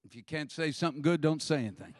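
A man's voice: a little high, quick pace, no echo, in a large hall. A man preaching a sermon, telling a funny story with lots of animation, acting out voices and laughing often. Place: church sanctuary.

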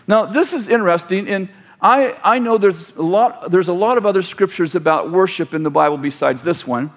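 High-voiced male preacher, rambling. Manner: rambling, self-correcting, leads the congregation in call-and-response. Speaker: pastor. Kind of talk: sermon.

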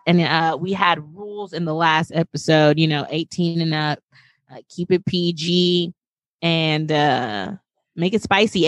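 A woman's voice: on the low side, dry recording. A woman co-hosting a casual podcast, upbeat as she reads out announcements and plugs. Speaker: podcast co-host.

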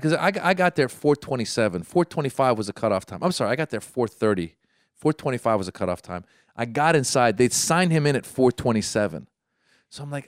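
A man from Iran, a doctor, telling a long story in casual chat, rambling, repeating himself and jumping high when he acts out his own thoughts. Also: expressive, quick pace, clear, resonant tone, no room sound, studio quality.

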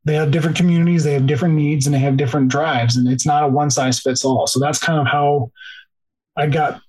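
A man's voice: on the high side, fairly even intonation, fast talker, a little mellow, husky, poor audio. A man guest on a podcast telling an emotional first-person story, peppered with "like" and restarts, close to tears at times. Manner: heavy use of "like", restarts, tearful. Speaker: podcast guest, police officer.

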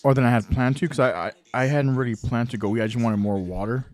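Watching a game live, a man keeps up easygoing chatter full of fillers and restarts, chuckling between thoughts. His medium-pitched, slightly mellow voice moves at a quick pace but is getting lower and tired as this casual live-stream talk goes on.

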